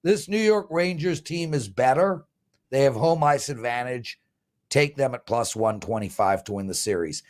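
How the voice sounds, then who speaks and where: A man in his fifties hosting a sports betting show, pitching promo codes and boasting about his winning picks. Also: lively intonation, normal speed. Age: 50s. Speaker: host and sports handicapper.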